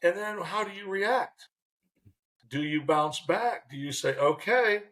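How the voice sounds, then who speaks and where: A man in his sixties, a former baseball manager, telling lively stories as an interview guest and acting out what people said. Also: sits high, measured pace. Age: 60s. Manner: animated, acts out quotes in voices. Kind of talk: storytelling in a faith interview.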